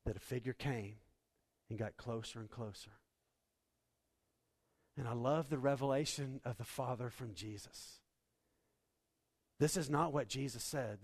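A male pastor preaching a sermon, swinging from hushed storytelling to loud, impassioned appeals. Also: medium pitch.

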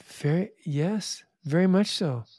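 A man telling stories in an interview in an animated way, often restarting and acting out the people he quotes. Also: a little high, slow pace, dry recording, studio quality. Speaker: charity founder and guest. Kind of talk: interview storytelling.

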